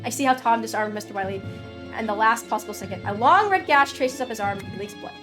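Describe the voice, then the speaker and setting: A woman streamer reading a story game aloud, a dramatic reading broken by loud, sweary reactions. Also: mid-range voice, expressive, fast talker, over music.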